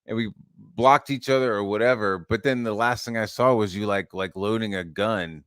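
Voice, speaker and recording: Low-voiced, profane man ranting. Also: fairly even intonation, normal speed, a bit bright, clean tone, no echo, clean studio sound. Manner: profane, rambling, frustrated. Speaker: channel host. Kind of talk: casual podcast chat.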